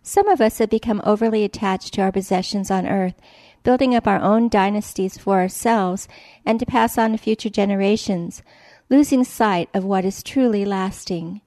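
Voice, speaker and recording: Calm woman reading a devotional. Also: mid-range voice, moderate pace, dry recording. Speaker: devotional reader.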